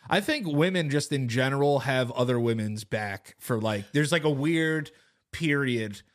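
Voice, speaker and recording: Man, podcast co-host, casual chat, profane, playful, middle pitch. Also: expressive, unhurried. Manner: loose and profane, slips into goofy high voices for impressions.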